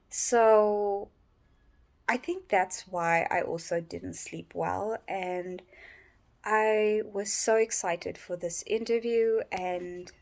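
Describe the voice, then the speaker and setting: A tired, sleep-deprived woman rambling in a personal vlog from her bedroom, yawning and halting with many restarts. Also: mid-range voice, darkish tone. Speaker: vlogger.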